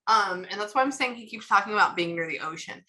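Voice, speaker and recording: Bright-voiced chatty woman medium. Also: mid-range voice, poor audio. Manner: chatty, retells what she hears in quick bursts. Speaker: psychic medium. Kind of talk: casual reading session.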